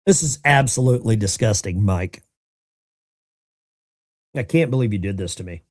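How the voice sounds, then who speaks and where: A middle-aged man hosts a live call-in show in a casual, rambling style. His pitch rises and falls freely, and the dry, close sound carries no room echo. He never stops talking. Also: normal speed. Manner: animated, chatty, rambling. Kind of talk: casual livestream talk.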